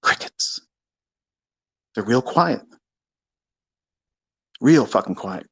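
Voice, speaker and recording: A man's voice: mid-range voice, lively intonation, drawn-out words, slightly rough, no room sound. Profane, combative man ranting live. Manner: profane, combative, boastful, swings from mutters to shouts. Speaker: host of live audio space. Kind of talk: ranting monologue on a live audio space.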